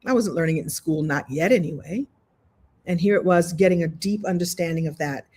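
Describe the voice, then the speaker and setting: A woman's voice: fairly low pitch, fairly quick, darkish tone, breathy edge. A woman hosting an online coaching workshop, telling stories with lots of animation, acting out voices and laughing often. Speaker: host of a coaching challenge. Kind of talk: live online workshop talk, storytelling. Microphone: video call.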